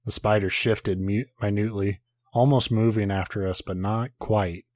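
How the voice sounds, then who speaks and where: A man's voice: fairly low pitch, fairly even intonation, normal speed, a little mellow, no echo. A man, a podcast host, reading a horror story aloud in a casual way, now and then breaking off to joke and swear.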